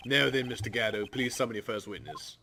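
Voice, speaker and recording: A man's voice: fairly low pitch, expressive, brisk, sharp tone. A man doing a fussy old judge. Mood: formal. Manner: hesitant, formal. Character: elderly male judge, fussy and timid.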